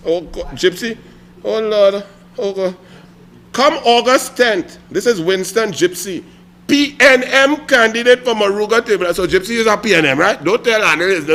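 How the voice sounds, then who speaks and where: High, bright-voiced Trinidadian man taunting. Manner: taunting, theatrical, repeatedly needling. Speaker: political commentator. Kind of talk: mocking political commentary.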